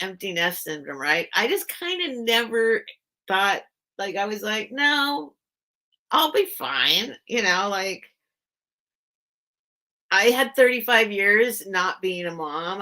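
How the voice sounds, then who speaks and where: Bright-voiced chatty middle-aged woman. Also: mid-range voice. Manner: chatty, meandering, greets viewers by name. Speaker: host of a live vintage sale. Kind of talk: rambling live-stream chat.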